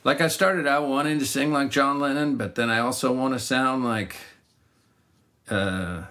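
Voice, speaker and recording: Middle-aged male songwriter, reflective and rambling, average pitch, talks in loose casual chat. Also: steady tone, moderate pace, bright, forceful tone. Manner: reflective, rambling, frequent restarts. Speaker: singer-songwriter. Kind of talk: casual conversation.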